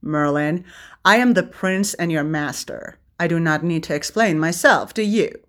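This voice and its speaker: A woman voicing a young prince who teases and commands in a slightly lowered, dry tone. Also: normal speed, fairly bright tone. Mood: teasing prince.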